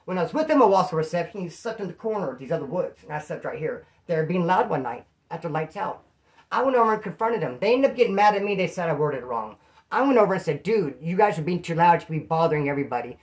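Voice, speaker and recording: A man's voice: high-pitched, fast. Man with streetwise slang telling stories. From California. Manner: streetwise slang, animated, acts out quotes. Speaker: channel host telling prison stories. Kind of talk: casual storytelling to camera.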